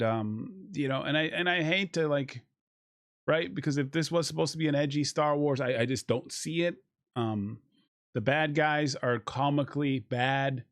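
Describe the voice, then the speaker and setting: A man reviewing a film in casual chat, rambling and animated, swearing casually. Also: mid-range voice.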